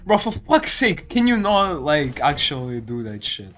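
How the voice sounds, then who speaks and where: A fairly high-pitched man talking over a game, his voice swinging wildly up and down. He drawls his words slowly, swears freely and throws "bro" into nearly every line. Faint game music plays underneath. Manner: excitable, swears often, constantly says "bro". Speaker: gaming video creator. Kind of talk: live gameplay commentary.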